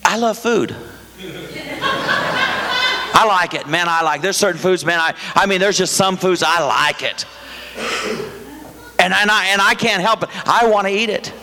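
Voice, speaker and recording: A man preaching a sermon in a church, talking conversationally and firing rhetorical questions at the congregation. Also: high-pitched. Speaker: pastor. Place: church sanctuary. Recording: echoey hall reverb.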